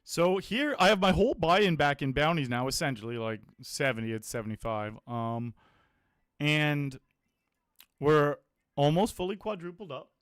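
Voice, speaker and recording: A man streaming online poker, chatting casually about his hands and results, blunt, self-mocking and quick to swear. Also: a little high, a bit bright, clean tone, no echo, studio quality. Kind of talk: casual live-stream commentary.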